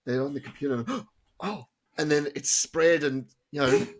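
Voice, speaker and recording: A man's voice: on the high side, steady tone, normal speed, slight background noise. A man, a teacher co-hosting a podcast, chatting casually, cracking jokes with many ums and laughs. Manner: jokey, laughs often, hesitant fillers. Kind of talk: casual chat.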